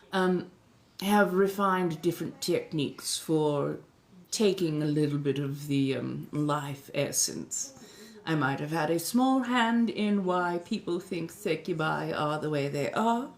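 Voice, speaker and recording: A woman as a refined vampire lady, 1700s colonial American accent, unhurried genteel livestream chat, low-set voice. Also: lively intonation, exaggerated voice. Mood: confiding. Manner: genteel, unhurried, fond of endearments. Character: centuries-old refined female vampire, genteel and coy. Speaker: streamer.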